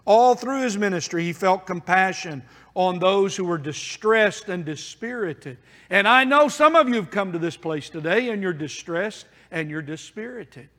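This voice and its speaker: Male preacher, earnest and pleading, high voice, long hall reverb. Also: expressive, moderate pace, pushed and bright. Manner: earnest, pleading, with emphatic repetitions. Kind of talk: sermon.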